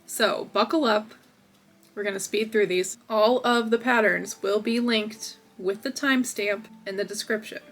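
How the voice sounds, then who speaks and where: A woman's voice: medium pitch, fairly even intonation, measured pace, a bit bright. Chatty young woman vlogging from home. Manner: chatty and upbeat, lots of fillers. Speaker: crochet video host. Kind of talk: casual vlog chat. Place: home office.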